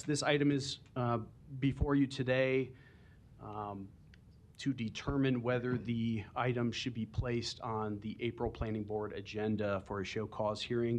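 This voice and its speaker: A man's voice: on the low side, a little hiss or hum. A man from the planning department briefing a board at a public meeting, explaining steps with frequent ums. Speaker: planning department staff member. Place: council chamber.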